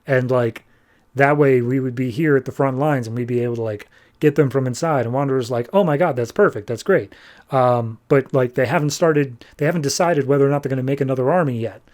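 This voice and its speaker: Male podcast host, mid-pitched voice, relaxed chatty recap delivery with lots of "like" and offhand paraphrased dialogue. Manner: loose retelling full of "like" and quick paraphrased dialogue. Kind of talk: casual comic book recap.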